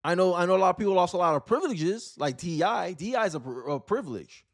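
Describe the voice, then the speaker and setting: A man's voice: high voice, lively intonation, fast talker. A man giving blunt, opinionated political commentary in a vlog, repeating his points and firing off rhetorical questions.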